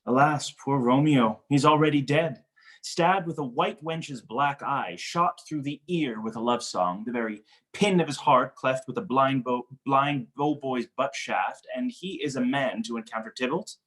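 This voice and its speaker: A man reading the part of a witty, mocking young nobleman in a cold read of a stage play over a video call, with playful, animated delivery. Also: mid-range voice, unhurried, lightly acted. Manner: playful, teasing, animated wordplay.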